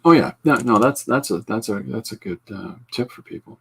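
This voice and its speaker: A man's voice: medium pitch, animated, brisk, gravelly, hardly any pauses, breathy edge. A man hosting a podcast, chatting casually while he draws, rambling with dry, self-deprecating humor. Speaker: podcast host and comic artist.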